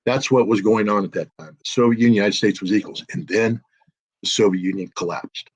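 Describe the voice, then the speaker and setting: A man's voice: on the low side, fairly quick, husky. A man in his sixties giving emphatic political commentary as a podcast guest, acting out quoted voices along the way.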